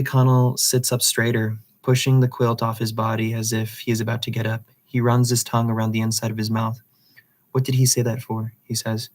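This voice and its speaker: A man reads a literary novel aloud, delivering dialogue plainly and making occasional slips and restarts. His voice is medium-pitched with a darkish tone.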